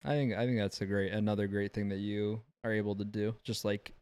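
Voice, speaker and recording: A man's voice: fairly low pitch, level tone, a little fast, a little mellow, clear, resonant tone. A young man co-hosting a gaming podcast, speaking casually and earnestly with lots of fillers and restarts. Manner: rambling, filler-heavy, earnest. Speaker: podcast co-host, former Halo player. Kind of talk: casual chat.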